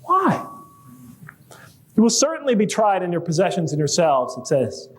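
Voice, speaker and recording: A man's voice: sits high, sing-song, brisk, a little mellow. A man giving a conversational public lecture to a live audience, asking rhetorical questions and reading quoted verses aloud.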